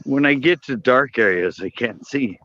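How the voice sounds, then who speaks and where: A man chats easily on a live call while walking outdoors at night, phone in hand. His voice sits at an ordinary pitch. The phone audio sounds dull and muffled. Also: lively intonation, normal speed, pushed and bright, a little hiss or hum. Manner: laid-back, talking while walking. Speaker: panel guest. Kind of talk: casual chat. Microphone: phone held while walking.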